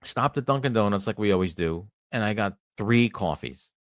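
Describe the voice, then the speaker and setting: Male podcast host, casual ranter, swears and restarts, animated delivery, dry sound. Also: on the low side, normal speed, dry recording. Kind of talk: casual ranting podcast chat.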